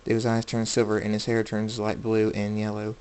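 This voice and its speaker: A man reading aloud a story he wrote himself, in a plain, unhurried amateur delivery with small slips. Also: fairly low pitch, completely flat delivery, darkish tone, smooth, low-quality recording.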